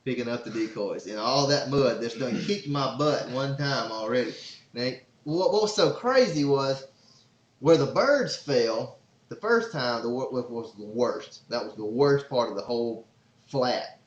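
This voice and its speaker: A man hosting a podcast, telling a long story in a casual, excitable, rambling way. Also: mid-range voice, unhurried. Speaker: podcast host and father. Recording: roomy, slightly dull sound.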